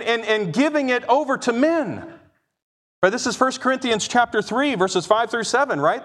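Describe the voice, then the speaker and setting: A man's voice: high-pitched, fairly bright tone. A man preaching an expository sermon, emphatic, acting out quoted speech and often checking in with "right?". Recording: long hall reverb.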